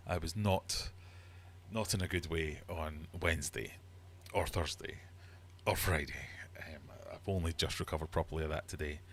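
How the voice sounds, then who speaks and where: Deep-voiced man, animated storytelling. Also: normal speed, a little hiss or hum. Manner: animated storyteller, exasperated outbursts. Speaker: livestream host. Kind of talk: casual livestream chat. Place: home fish room.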